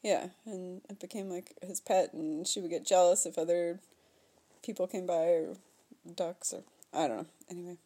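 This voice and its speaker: Playful woman with a mellow voice. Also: lowish voice, normal speed, slightly rough. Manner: laughs often, playful and teasing. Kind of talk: casual chat.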